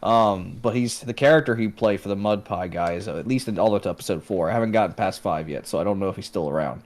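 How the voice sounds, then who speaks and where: A man's voice: lowish voice, fast. A man co-hosting a casual podcast chat, easygoing and hedging his points with filler words. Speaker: podcast co-host.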